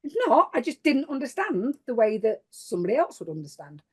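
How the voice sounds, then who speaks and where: A woman's voice: a little high, big pitch swings, fairly quick, husky. A middle-aged woman, speaking as a podcast panelist in a plain-spoken, reflective way. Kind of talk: casual panel discussion.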